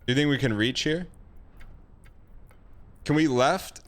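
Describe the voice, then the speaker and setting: A man streaming a video game live, talking to his chat in a rambling, excitable way with many restarts. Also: medium pitch, unhurried.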